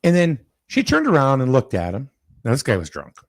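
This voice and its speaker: A man casually chatting and telling a story with lively energy, acting out the people in it. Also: mid-range voice, brisk, no echo, clean studio sound. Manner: animated storyteller, acts out quoted people loudly.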